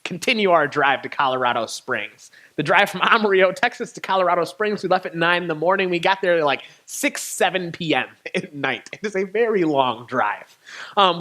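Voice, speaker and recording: A poet shares a personal road story from a church stage, his voice bright and clear and set a little above the usual male pitch. He tells it candidly and with animation, letting small laughs slip between lines. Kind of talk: spoken storytelling talk. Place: church venue.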